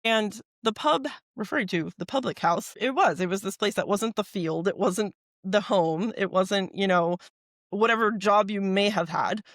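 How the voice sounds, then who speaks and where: A woman's voice: mid-range voice, normal speed, dry recording, studio quality. A woman co-hosting a podcast, asking curious questions and explaining things to listeners in a chatty way. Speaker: podcast co-host. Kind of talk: casual podcast conversation.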